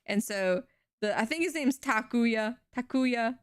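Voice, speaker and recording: A young woman streaming, retelling a show in an animated, rambling way with casual swearing. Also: on the high side, unhurried, clean tone, dry recording, clean studio sound. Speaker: VTuber streamer.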